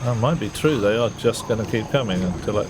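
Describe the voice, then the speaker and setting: A man's voice: on the low side, quick pace, very noisy. A man chatting casually while streaming a horror game and reading out chat messages. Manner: chatty, reads chat aloud, swears mildly. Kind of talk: casual gameplay commentary. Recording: game music loud underneath.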